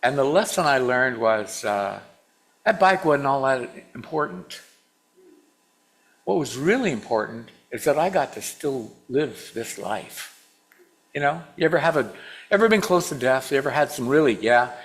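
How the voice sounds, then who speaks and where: A man's voice: mid-range voice, lively intonation, moderate pace. A man in his sixties from Washington State, giving a storytelling sermon to a congregation, asking the audience questions and acting out his younger self. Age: 60s. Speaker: guest speaker.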